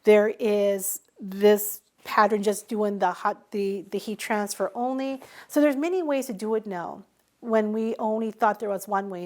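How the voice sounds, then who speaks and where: A middle-aged woman tells stories in a relaxed interview. Her voice sits a little high, and she brings in quoted dialogue with animation. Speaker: interviewee, small business owner. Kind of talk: conversational storytelling interview.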